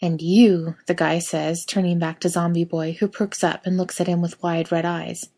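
A woman reading a story aloud in steady narration. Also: fairly low pitch, normal speed, creaky.

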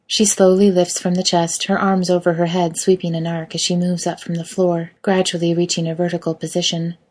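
A woman narrates an intimate audio story in a soft, unhurried reading. Her voice is husky and low, with a mellow, dark tone.

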